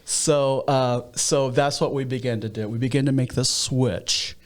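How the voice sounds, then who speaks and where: In an interview, a man with a Midwestern American accent, a pastor who heads a nonprofit, tells stories and often restarts his sentences. His voice sits at medium pitch, with a steady tone and an unhurried pace.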